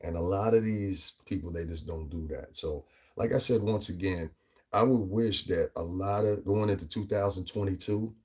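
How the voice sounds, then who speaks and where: A man with a New York-area accent holds forth in a casual commentary vlog, rambling and emphatic. His voice sits low and sounds a little husky. He keeps checking in with asides like "you know what I mean". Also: moderate pace, a little mellow. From US Northeast tri-state area. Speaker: vlogger.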